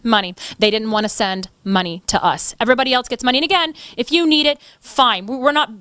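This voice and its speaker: A woman's voice: fairly high pitch, fast, fairly bright tone, clean tone, no echo. A woman activist speaking in an interview, impassioned and indignant. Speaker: activist guest. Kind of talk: interview conversation.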